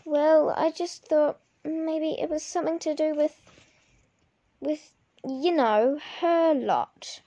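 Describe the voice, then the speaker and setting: Nervous, stammering middle-aged husband, gravelly edge, read by a woman. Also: high-pitched, steady tone, slow, warm tone, voice pushed up. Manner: hesitant, stammering. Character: nervous middle-aged man, anxious and fussy.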